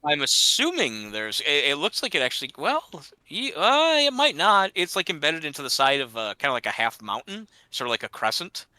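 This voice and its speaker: A man's voice: fairly high pitch, very animated, fairly quick, hardly any pauses, bright, forceful tone, no echo. A man chatting casually and rambling while playing a game, laughing at himself often. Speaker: gamer. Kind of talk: casual gaming chat.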